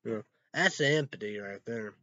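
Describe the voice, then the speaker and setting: A man on his own channel, rambling and swearing, swinging from loud outbursts to low mumbles. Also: animated, normal speed, dry recording. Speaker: vlogger. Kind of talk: rambling solo rant. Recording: dull, muffled lo-fi sound.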